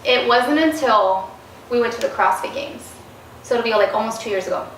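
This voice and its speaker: Animated woman in a roomy, distant recording. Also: on the high side, fairly quick. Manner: animated, acts out quoted dialogue. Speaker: interview guest. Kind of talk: casual storytelling interview. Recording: roomy, distant mic, faint noise.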